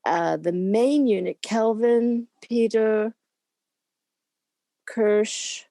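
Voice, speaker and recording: An older woman, a former camera assistant, chatting as an interview guest and telling lively stories with frequent laughs. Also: on the high side, extremely slow, dry recording, clean studio sound. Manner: lively anecdotal storytelling with laughs; acts out quoted people in put-on voices. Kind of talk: casual interview reminiscing.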